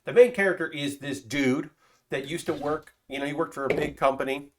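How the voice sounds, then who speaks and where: A man's voice: fairly high pitch, steady tone, brisk, a bit bright, a little hiss or hum. A man streaming as he builds a model kit, chatting loosely with fillers and casual swearing. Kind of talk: casual live-stream chat.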